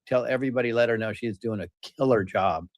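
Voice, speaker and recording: A man's voice: medium pitch, quick pace, no echo. A man hosting a casual livestream, joking with guests and often restarting his sentences over a video call. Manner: joking, chatty, stumbling restarts. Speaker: show host.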